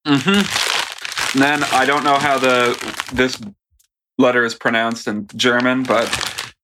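A man co-hosting a podcast in casual chat, laid-back and laughing often, with deadpan asides. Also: mid-range voice, slow, noisy background. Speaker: podcast co-host.

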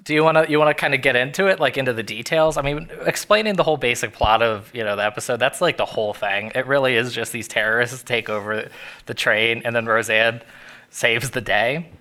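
A man's voice: medium pitch, brisk, pushed and bright. A man co-hosting a podcast, rambling through a casual recap of a sitcom episode with frequent laughs. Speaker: podcast co-host. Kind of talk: casual chat.

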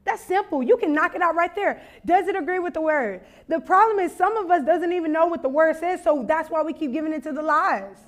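A young woman from Louisiana speaks at a conference, her voice sitting high. She tells comic stories full of acted-out voices and laughter, then turns them into preaching. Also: brisk, hardly any pauses. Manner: animated, laughing, acts out voices in anecdotes. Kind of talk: storytelling sermon.

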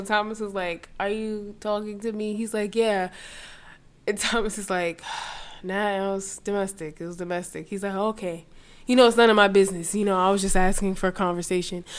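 A young woman from the New York area tells a story in a loose, profane podcast chat. She acts out every person she quotes and keeps the energy up. Her voice sits at a middle pitch. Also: clear, resonant tone. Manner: animated, swearing, mimics people in quotes.

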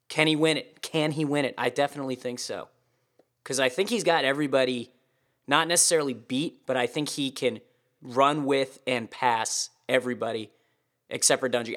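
A man's voice: mid-range voice, a bit bright. Crude joking man. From United States. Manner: crude, joking, swears freely. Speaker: podcast host. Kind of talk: casual solo podcast commentary.

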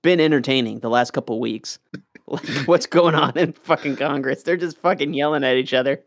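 A man's voice: mid-range voice, a little fast, no echo, clean studio sound. A man co-hosting a podcast, joking around in casual banter and swearing a lot. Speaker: podcast co-host.

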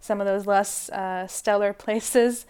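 A woman's voice: mid-range voice, fairly even intonation, slow pace, a little mellow, clean tone. A woman hosting an interview, asking questions in a hesitant way with many fillers and restarts. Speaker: podcast host, interviewer.

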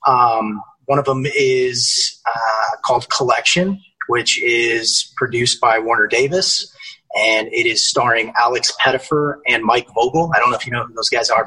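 Young guy actor on a podcast, kinda husky, swears a lot, hyped. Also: mid-range voice, rough recording. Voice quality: energetic, swears casually, lots of fillers. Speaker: actor guest. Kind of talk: casual podcast chat.

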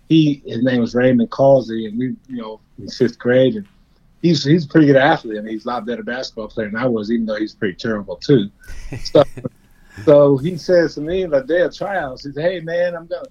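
A man's voice: medium pitch, a little mellow, husky, highs cut off. Self-deprecating man telling stories with laughs. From Indiana, USA. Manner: self-deprecating, laughing storyteller with frequent restarts. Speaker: guest, former player. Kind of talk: storytelling in a conversation.

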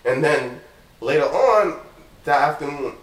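A man with a slightly high, unhurried voice co-hosts a casual talk show, telling a long story. He's an animated storyteller who acts out the quoted lines of the people involved, recorded on a distant mic in an echoey room.

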